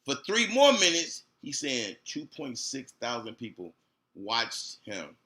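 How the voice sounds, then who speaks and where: Guy with a bright, sharp voice, swearing and repeating himself while ranting on stream. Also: mid-range voice, wildly swooping pitch, slow. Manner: profane, confrontational, repeats himself. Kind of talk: heated livestream rant.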